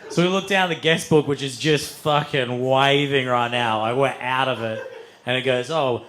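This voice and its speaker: A young man doing stand-up, telling a wild story with lots of swearing and sudden loud acted-out outbursts. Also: medium pitch, normal speed, slight background noise. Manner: animated, swears freely, acts out voices with loud outbursts. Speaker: stand-up comedian. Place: comedy venue stage with audience.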